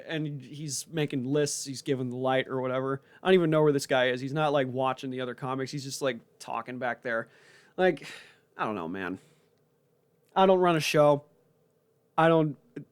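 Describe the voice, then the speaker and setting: A man's voice: medium pitch, moderate pace, clear, resonant tone, dry recording. A man, a comedian and podcast host, recapping a show in a rambling, profane monologue full of restarts.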